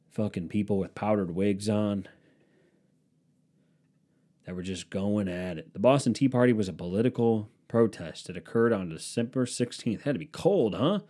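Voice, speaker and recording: Cleveland dude rambling sarcastically, lots of swearing, lowish warm voice. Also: male voice. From Cleveland, Ohio area. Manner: profane, sarcastic, riffing on tangents. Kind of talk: casual rambling monologue.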